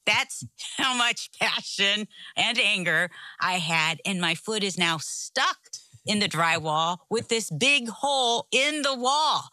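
A woman's voice: medium pitch, lively intonation, slow, sharp tone, dry recording. A middle-aged woman co-hosting a casual talk show, telling a story with animation and frequent laughter. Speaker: podcast co-host, pastor's wife.

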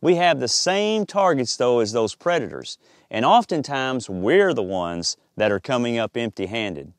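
A man's voice: medium pitch, expressive, a little slow, dry recording, studio quality. A middle-aged man hosting an outdoor show, talking in a folksy, drawling way that turns devotional. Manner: folksy, drawling, says "I tell you what". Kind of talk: casual outdoor talk with a devotional close.

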